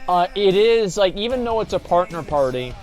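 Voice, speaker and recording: A man's voice: high-pitched, moderate pace. Profane, rambling male streamer. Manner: rambling, profane, animated storytelling. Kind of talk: casual livestream chat. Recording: faint music behind voice.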